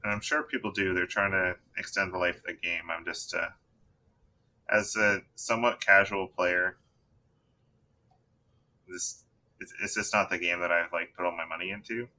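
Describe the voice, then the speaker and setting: A man hosting a casual tabletop gaming podcast, talking in a relaxed, rambling way with many fillers. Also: low-pitched, moderate pace, long pauses. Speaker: podcast host. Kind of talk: casual chat.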